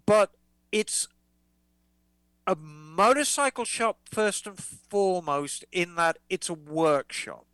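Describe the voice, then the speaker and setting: A woman's voice: on the low side, expressive, takes it slowly, a bit bright, no echo, rough recording. A woman co-hosting a motorcycle podcast, reading listener letters aloud in a chatty, playful way. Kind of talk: casual podcast chat.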